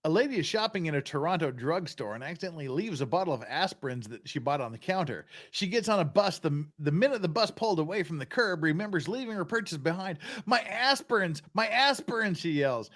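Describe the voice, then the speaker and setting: Tipsy guy cracking crude jokes, voice bounces all over, a bit high. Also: expressive, quick pace, hardly any pauses. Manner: crude, laughing joke-teller. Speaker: livestream host. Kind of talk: casual drunken chat.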